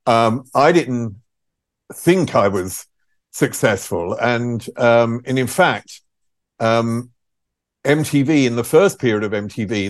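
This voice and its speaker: A man's voice: fairly low pitch, dry recording, clean studio sound. An older man, a former presenter telling candid stories in an interview, frank and self-deprecating, laughing at himself. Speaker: former music TV presenter, guest. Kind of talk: candid conversational storytelling.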